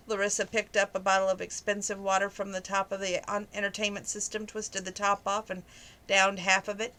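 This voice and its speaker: A woman's voice: mid-range voice, flat delivery, brisk, pushed and bright. A woman reading a novel aloud in a conversational way, with small stumbles now and then. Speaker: reader.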